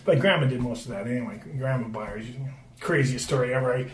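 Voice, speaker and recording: A middle-aged retired hockey player from the Boston area tells stories quickly in a medium-pitched voice, rambling and swearing, restarting often and using lots of fillers. He is a bit off-mic and far away in an echoey room with faint background noise.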